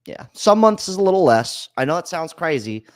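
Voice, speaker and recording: A call-in podcast host in Florida vents bluntly and with profanity about living expenses, chatting casually from his home studio. His voice is on the high side and sing-song, fairly quick, in a studio-quality recording with no room sound.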